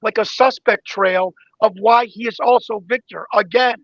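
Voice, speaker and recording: High-voiced excitable man, dull audio. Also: normal speed, dry recording. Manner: excited storyteller, acts out quoted exchanges. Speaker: guest investigator. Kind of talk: animated interview talk.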